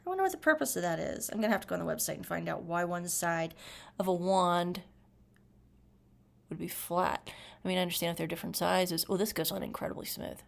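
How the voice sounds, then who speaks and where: A woman's voice: on the low side, lively intonation, a little fast, creaky. A woman chatting casually through a makeup review, gushing as she applies products. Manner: chatty, gushing, talks while applying makeup. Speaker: beauty vlogger.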